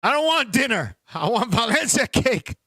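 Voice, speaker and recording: Brief: high-pitched NY man, 50s, loud profane show host, dry close sound. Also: normal speed, dry recording. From Puerto Rico heritage, New York. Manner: loud, animated, profane storyteller. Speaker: podcast host. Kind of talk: casual banter.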